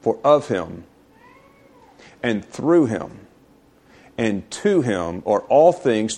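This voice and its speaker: A male pastor preaching a sermon, building through emphatic rhetorical questions and slowing down to stretch key phrases. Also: on the low side, animated, a little mellow.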